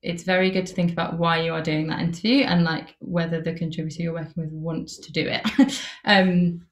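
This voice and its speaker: A woman's voice: on the low side, flat delivery, a little fast, echoey room. A woman teaching an interviewing masterclass in a casual, chatty way, with lots of "like" and "um". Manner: casual, chatty, many "like" and "um" fillers. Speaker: workshop instructor.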